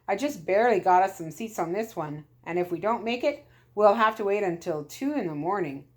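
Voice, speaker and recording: A woman voicing a kind, relieved father who is a doctor, speaking gently. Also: medium pitch, expressive, fairly quick, natural voice. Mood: hurried.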